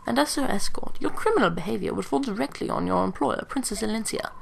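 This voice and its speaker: Brief: cool calculating young male strategist, measured delivery, voiced by a woman. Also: on the high side, expressive, vocal fry, slight background noise. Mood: cold. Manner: measured, lecturing.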